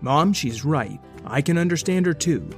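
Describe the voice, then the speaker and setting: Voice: medium pitch, lively intonation, normal speed, soft background music, natural voice. Earnest clever storybook boy, read by the narrator. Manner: earnest, pleading.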